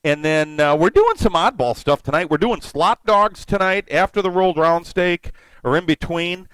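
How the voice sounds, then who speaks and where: A man's voice: high-pitched, moderate pace, a bit bright, smooth, no echo, low-quality recording. A middle-aged man chatting casually while he cooks on a live stream, rambling and greeting viewers by name. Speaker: live-stream cooking host.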